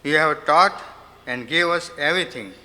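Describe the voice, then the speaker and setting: A man reading a prepared devotional offering, with a rapid chanted recitation and then a measured reading. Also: a little high, pushed and bright. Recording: long hall reverb.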